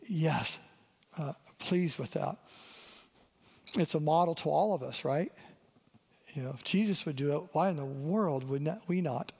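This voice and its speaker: A man's voice: high-pitched, animated, normal speed, gravelly, pauses often, darkish tone, husky. Man preaching in a reverberant hall. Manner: conversational, asks the audience questions. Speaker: lead pastor. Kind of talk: sermon. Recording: long reverb of a church hall.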